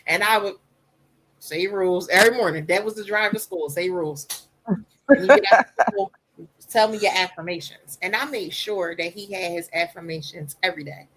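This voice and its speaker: A woman with a soft voice, a podcast guest talking candidly and personally in casual conversation. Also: on the low side, a little fast, a little hiss or hum, low-quality recording.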